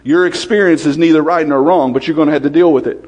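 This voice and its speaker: A man preaching a sermon, quick-fire and lively, often asking questions of the congregation. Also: a little high, big-room sound, muffled recording.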